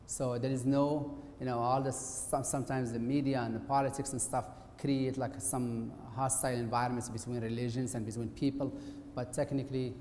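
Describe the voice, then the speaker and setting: A man's voice: mid-range voice, a little mellow. Middle-aged man, guest lecturer, conversational and hesitant delivery, mid-range voice, roomy auditorium sound, faint hiss. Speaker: guest lecturer, occupational therapist. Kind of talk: presentation lecture. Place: university auditorium. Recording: echoey hall with faint hiss.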